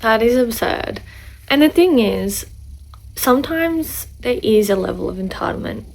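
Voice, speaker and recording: A woman hosting, reacting to clips with measured, exasperated comments. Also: a little high, animated, vocal fry, poor audio.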